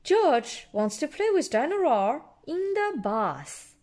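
Slow, sing-song woman reading a storybook. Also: high-pitched. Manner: slow, expressive, pauses to explain to a child. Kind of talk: reading a picture book aloud to a child.

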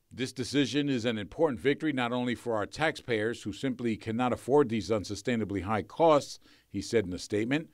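A man reporting a broadcast news story in a measured, slightly wry delivery. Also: mid-range voice, no room sound, clean studio sound.

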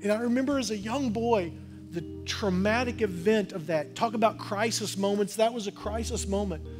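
A man preaching a sermon as pastor in a church, talking earnestly and conversationally, building to forceful exhortation. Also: sits high, normal speed, music in the background. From Oklahoma, USA. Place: church sanctuary.

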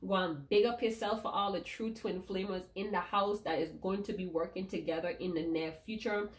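Woman, tarot reader, emphatic, emotional, repeats herself, medium pitch. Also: fairly even intonation, brisk. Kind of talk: tarot reading to viewers.

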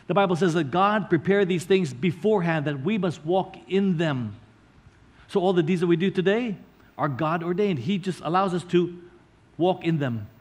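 A male pastor preaching a sermon, earnestly explaining scripture line by line and slowing down to stress key words. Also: sits high.

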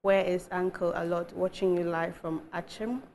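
Low-voiced Ghanaian woman reading messages. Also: fairly even intonation, normal speed, a little mellow. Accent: Ghanaian English. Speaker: co-host reading viewer messages. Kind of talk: reading text messages on air.

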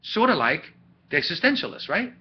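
Husky guy lecturing a class, bounces around a lot in pitch, muffled webcam sound. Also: a little fast. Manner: chatty, animated with asides and laughs. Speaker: teacher. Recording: dull lo-fi webcam audio.

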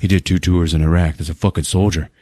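A man's voice: low voice, fairly even intonation, quick pace, mellow, no echo, studio quality. A man doing a blunt, fed-up working-class guy. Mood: angry. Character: down-on-his-luck working-class male father.

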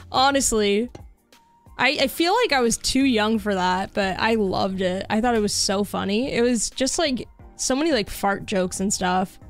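A young Canadian woman, streaming while she plays, talks casually to viewers in a rambling, filler-heavy way. Her pitch is medium and her pace a little slow, with faint background music.

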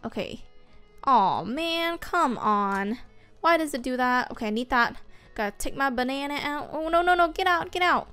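A woman hosting a gaming video, giving excitable, casual commentary while she plays, with frequent squeals and whoops. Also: sits high, moderate pace, no room sound. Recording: faint game music behind.

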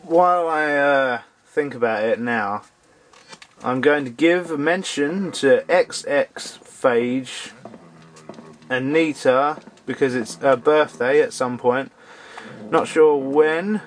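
A man's voice: mid-range voice, slow, a little hiss or hum. Grumbling man commentating a game. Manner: grumbling, sarcastic, talks to the game characters. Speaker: let's play commentator. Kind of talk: casual gameplay commentary.

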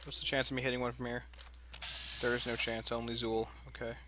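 A young man narrating his gameplay in a goofy, excitable way, often talking to himself. His voice sits at a middle pitch. A faint noise runs under the recording. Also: brisk. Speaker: let's play gamer. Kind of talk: casual gameplay commentary.

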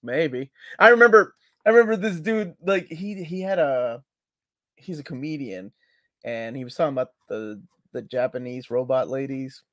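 A man co-hosting a live comics talk stream, relaxed and joking, loudly greeting people in the chat. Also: medium pitch, moderate pace, no room sound, studio quality. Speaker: co-host of a live comics show.

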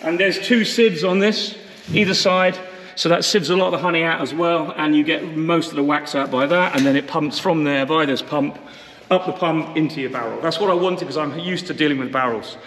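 A man's voice: on the high side, fairly quick, a bit bright, a little hiss or hum. Chatty beekeeper man in a reverberant room. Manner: chatty, upbeat, rambling with fillers. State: sore throat. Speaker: commercial beekeeper and channel host. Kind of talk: casual vlog chat. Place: honey house in France. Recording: long reverb.

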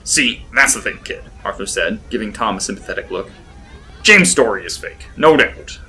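Male reader plays a wry middle-aged raconteur for an audio story: dry, teasing drawl, bright, crisp voice. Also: fairly low pitch, animated, normal speed, a little hiss or hum. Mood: storytelling. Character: wry, sarcastic middle-aged man, cigar-chewing storyteller.

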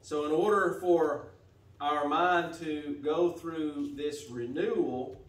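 A man preaching a sermon as pastor, steady and earnest, often repeating and restarting phrases. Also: fairly high pitch, takes it slowly. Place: church sanctuary. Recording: echoey church from a distance.

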